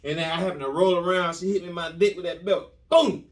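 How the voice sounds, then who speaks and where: A man hosting a podcast who tells a comic story in an animated, repetitive way with lots of slang and restarts. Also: fairly high pitch, quick pace, distant mic, noisy background. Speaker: podcast host telling a story.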